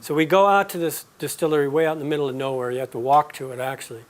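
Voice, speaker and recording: A man's voice: on the high side, very fast. Man telling stories in a class. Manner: storytelling, relaxed and conversational. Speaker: aromatherapy teacher. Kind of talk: live class lecture.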